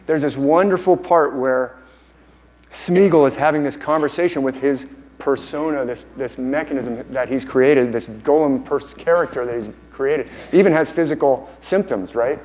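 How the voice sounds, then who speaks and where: A man's voice: medium pitch, normal speed, a little mellow, rough recording. A man giving a conference lecture with enthusiasm, often repeating and restarting phrases. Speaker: conference speaker. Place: conference hall.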